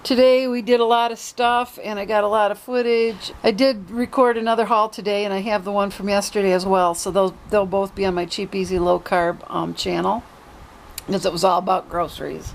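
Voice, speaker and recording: A woman's voice: medium pitch, level tone, fairly quick, vocal fry, a little hiss or hum, rough recording. A woman vlogger telling a story casually and retelling quoted dialogue in her own talk.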